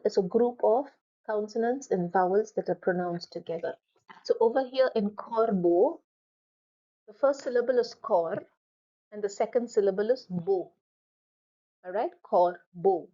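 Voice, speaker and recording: A woman teaching a French class, explaining each point and repeating words slowly for students to copy. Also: medium pitch, mellow, highs cut off. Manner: slow, drawn-out repetition of words. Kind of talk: classroom lesson.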